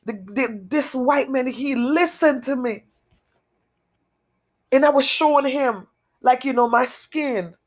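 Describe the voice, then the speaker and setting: Slow, earnest higher-voiced woman. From outside America. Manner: halting, repetitive, earnest. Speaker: testimony speaker. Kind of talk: emotional personal testimony.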